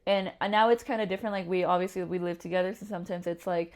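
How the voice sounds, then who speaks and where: Young woman guest w a gravelly voice, chatty and animated, acts out what people said. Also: on the low side, fast talker, a crowd in the background. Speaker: interview guest. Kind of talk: candid personal storytelling in an interview.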